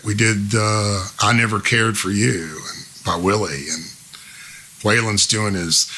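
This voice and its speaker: A man in his fifties, a musician guest telling stories in a casual, animated way and imitating the people he quotes. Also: on the low side. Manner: animated storyteller who mimics the people he quotes. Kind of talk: casual storytelling.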